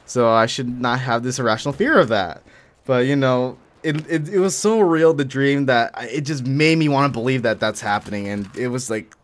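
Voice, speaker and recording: Young man, gaming commentary, casual rambling story, lots of swearing and filler. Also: mid-range voice. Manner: rambling, profane, filler-heavy. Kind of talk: casual storytelling over gameplay.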